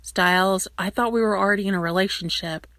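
Woman reading as a gruff, awkward werewolf man, grumbling, close and dry. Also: mid-range voice, steady tone, a little fast, a bit bright, no echo, natural voice.

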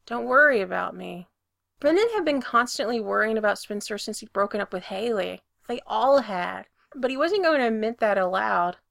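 A woman narrating a story with a lively, expressive delivery that swells when the action heats up. Her voice is bright and a little high, and the recording is dry and close, with no room sound. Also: normal speed, gravelly, hardly any pauses, dry recording. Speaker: reader.

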